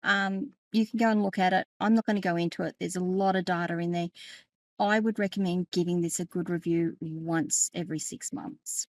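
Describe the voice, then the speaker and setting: A woman's voice: lowish voice, fairly even intonation, moderate pace, no echo. A middle-aged woman, walking viewers through a settings tutorial in a chatty way, correcting herself and often laughing. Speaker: tech educator and podcast host. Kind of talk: screen-share tutorial.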